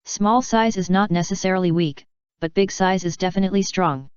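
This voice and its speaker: A woman briskly reads a novel in steady, scripted audiobook narration, with a slightly low, very smooth and clean voice. There's no echo in the dry, close recording, whose tone is slightly dull and muffled.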